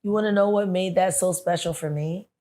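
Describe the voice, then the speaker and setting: A woman's voice: lowish voice, steady tone, brisk, mellow. A woman guest in a casual interview, telling a story with energy and acting out the people she quotes.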